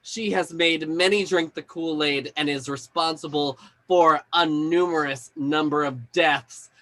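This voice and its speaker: A man's voice: a little high, steady tone, a little slow, fairly bright tone, low-quality recording. A man hosting a comedy open mic, hyping and introducing comics with joking setups. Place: comedy club.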